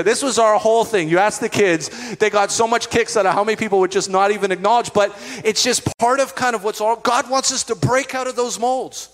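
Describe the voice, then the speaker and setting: Middle-aged man, pastor, casual storytelling sermon, higher-pitched voice, church hall reverb. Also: fairly quick, hardly any pauses. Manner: conversational, animated storytelling with asides.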